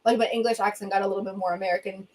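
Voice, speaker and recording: A young Venezuelan woman, a Spanish speaker with a Venezuelan accent, chatting bubbly and fast on a phone livestream from a reading corner at home. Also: medium pitch, fairly even intonation, darkish tone. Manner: bubbly, chatty, quick asides and laughs. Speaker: livestream host. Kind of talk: casual livestream chat reading comments.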